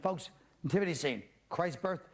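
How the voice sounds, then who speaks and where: A man's voice: a little high, animated, moderate pace. A man hosting a comedy panel show, delivering a sardonic, mock-alarmed stand-up monologue before a live studio audience. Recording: studio audience laughter and noise.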